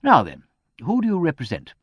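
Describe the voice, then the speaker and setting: Guy doing a breezy witty lord, crisp and airy, lively lilt, dry sound. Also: fairly high pitch, a little fast, no echo, voice pushed up, full character voice. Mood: urbane. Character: urbane witty aristocratic English lord.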